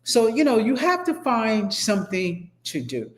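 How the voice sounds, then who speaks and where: A woman's voice: fairly high pitch, wildly swooping pitch, unhurried. A middle-aged woman instructor giving a motivational talk to her class, emphatic and rambling, often repeating herself. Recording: echoey room.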